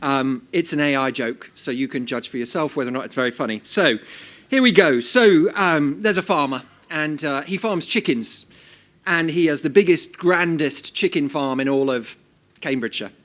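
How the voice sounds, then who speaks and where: A middle-aged man with a somewhat higher voice gives an after-dinner talk at an event. His humor is dry and self-deprecating. He speaks into a handheld microphone in front of the audience. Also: moderate pace, a bit bright. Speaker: invited speaker. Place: event hall before an audience.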